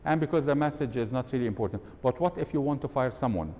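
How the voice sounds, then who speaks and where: A man's voice: expressive, fast talker, hardly any pauses, warm tone. A man giving a live workshop talk, quizzing the audience and demonstrating tones of voice in an event hall. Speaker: workshop speaker. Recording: long hall reverb, faint rumble.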